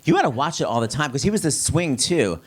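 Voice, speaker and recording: A man's voice: on the high side, quick pace, slightly rough. A man hosting a live stage interview, telling comic stories with lots of laughter and acting out quotes. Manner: animated, laughing, acts out quotes in big voices. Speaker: talk show host.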